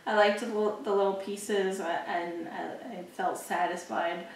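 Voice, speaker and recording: A woman from Puerto Rico co-hosting a casual chat, soft-spoken, shy and giggly. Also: medium pitch, steady tone, unhurried, slight background noise. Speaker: co-host. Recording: echoey room, mic far off.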